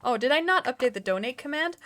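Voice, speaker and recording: A woman's voice: high-pitched, expressive, quick pace, fairly bright tone. A woman hosting a live tabletop game stream, chatting casually and narrating, with frequent laughter and self-mocking asides. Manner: giggly, rambling, self-mocking. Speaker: dungeon master and stream host.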